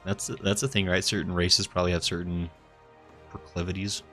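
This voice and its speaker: A man's voice: low-pitched, level tone, fairly quick, a bit bright, soft background music. A man streaming a video game, chatting casually and reading viewer comments aloud with an easy, chuckling manner.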